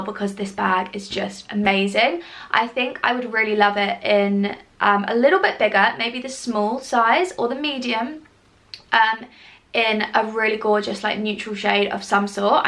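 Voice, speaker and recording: A woman's voice: mid-range voice, fairly bright tone. A woman in her twenties chatting casually to camera as a lifestyle vlogger, gushing and full of "like" and "um". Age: 20s.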